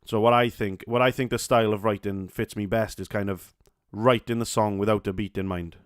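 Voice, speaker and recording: Halting Welsh man, low dry voice. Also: fairly even intonation, no echo. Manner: halting, many restarts and fillers, casual swearing. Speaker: podcast host. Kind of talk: solo podcast chat.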